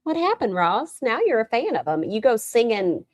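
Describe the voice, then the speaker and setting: A woman's voice: a little high, big pitch swings, moderate pace, no room sound. A woman hosting a reaction stream, commenting in a dry, mocking way.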